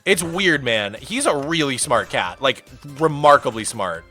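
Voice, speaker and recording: A male streamer chatting casually with his viewers, rambling through stories in an animated way and saying "dude" and "man" a lot. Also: mid-range voice, measured pace, soft background music.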